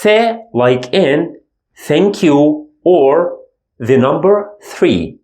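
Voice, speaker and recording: A man teaching the alphabet in a language lesson, slowly demonstrating throaty letter sounds. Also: on the high side, lively intonation, a little mellow, echoey room. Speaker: Arabic teacher.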